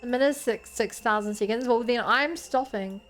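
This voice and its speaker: A young woman streamer with a fairly high voice reads game narration and chats with her viewers. She sounds easily frustrated and talks straight to chat, with soft game music underneath. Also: moderate pace. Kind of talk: live game stream, reading and chatting.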